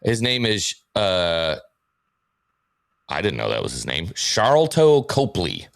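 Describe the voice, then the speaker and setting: A man with a low voice that swings widely in pitch, rambling through a casual livestream chat as a guest. He often hunts for words and fills the gaps with fillers. His voice sounds dry and close to the mic. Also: wildly swooping pitch, slow pace, gravelly, no room sound. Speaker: guest streamer.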